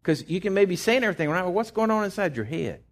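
Animated preacher man. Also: high-pitched, quick pace. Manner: folksy, animated preaching with many restarts. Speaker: pastor. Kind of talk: sermon.

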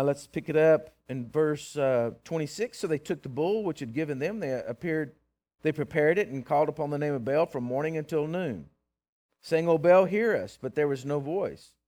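Man, preacher, folksy sermon, somewhat high voice, loud bursts then hushed. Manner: swings from loud preaching to hushed, earnest talk; plain-spoken, folksy, teasing.

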